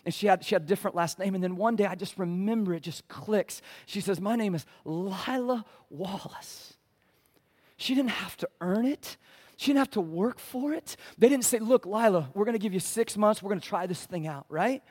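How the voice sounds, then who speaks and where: A man preaching a sermon as pastor, swinging from loud pleading passages to hushed ones and calling for amens from the congregation. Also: high voice, normal speed. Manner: calls for "amen" from the congregation.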